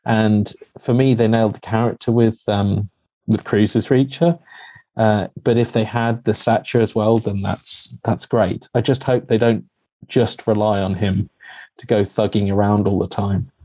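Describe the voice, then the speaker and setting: A chatty man co-hosting a casual film chat, his voice dark and mellow. He laughs often and restarts his sentences, and he sounds dry and close with little room around him. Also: fairly low pitch, steady tone, unhurried, dry recording. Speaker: podcast co-host. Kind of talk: casual chat about films and TV.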